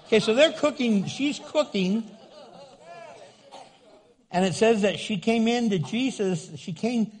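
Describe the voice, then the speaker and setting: A man's voice: high voice, measured pace, pauses often. An older man preaching a humorous sermon, often acting out voices. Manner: animated, humorous, acts out voices in quotes. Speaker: pastor.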